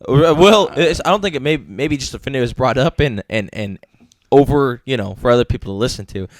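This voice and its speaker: A man's voice: mid-range voice, a little fast, dry recording. A man in a casual podcast chat, joking around, swearing and trailing off mid-thought. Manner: jokey, lively, swears, trails off.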